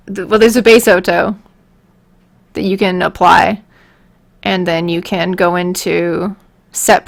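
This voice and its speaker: A woman chats with viewers in a slow, unhurried way, with a gravelly edge to her voice. She rambles, giggles and pokes fun at herself as she takes questions. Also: lowish voice, a bit bright. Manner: rambling, giggly, self-deprecating. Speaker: streamer answering viewer questions. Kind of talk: casual livestream chat.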